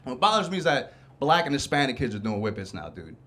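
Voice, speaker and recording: A man's voice: mid-range voice, big pitch swings, quick pace, a bit bright. A man hosting a comedy show, doing a casual, profane stand-up set on a club stage. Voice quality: casual, profane, laid-back delivery.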